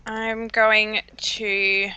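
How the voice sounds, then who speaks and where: A woman playing in an online tabletop game, speaking slowly and a little unsure. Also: medium pitch, level tone, sharp tone, clean tone, highs cut off. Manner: slow, unsure. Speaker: player. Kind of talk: casual game talk.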